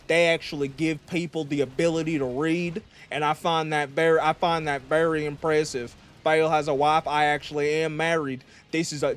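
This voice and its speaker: A man's voice: a little high, slight background noise. A male VTuber streaming a game while doing a blustering, crude, mock-patriotic president parody, rambling with frequent stammered restarts. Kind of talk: comedic gameplay commentary in character.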